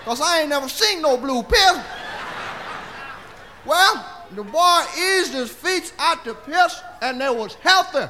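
A man's voice: very high voice, animated, takes it slowly, sharp tone, a little hiss or hum. A man telling a long profane comic story, rowdy and laughing as he acts it out. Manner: rowdy, laughing as he talks, acting out the scene. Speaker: comedian.

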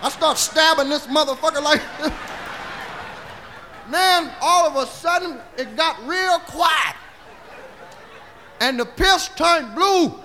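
Man, rowdy profane comic storyteller, very high voice, laughs through his lines. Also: unhurried, pauses often, sharp tone, some chatter behind, slight background noise. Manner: rowdy, laughing as he talks, acting out the scene. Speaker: comedian.

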